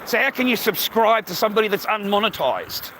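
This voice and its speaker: Out on a noisy street with traffic passing, an Australian man rambles to his livestream audience a little fast. His high voice swings widely in pitch, and he peppers his chat with swearing and "mate."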